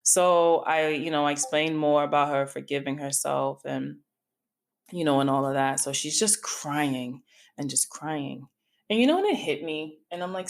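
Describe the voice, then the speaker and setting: A woman's voice: low-pitched, measured pace. A middle-aged woman hosting a podcast, telling a personal story in a candid, informal way that wanders into tangents. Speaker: podcast host.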